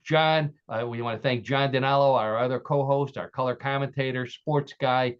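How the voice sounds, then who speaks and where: A man's voice: mid-range voice, steady tone, normal speed, smooth. Chatty male podcast host, dull audio. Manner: chatty, with restarts. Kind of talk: casual podcast hosting, reading quiz stories.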